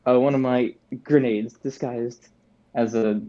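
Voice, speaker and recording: A player talks casually and haltingly, with fillers between phrases. The sound is muffled, as if from a cheap mic. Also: medium pitch, steady tone, dark tone. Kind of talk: tabletop game play.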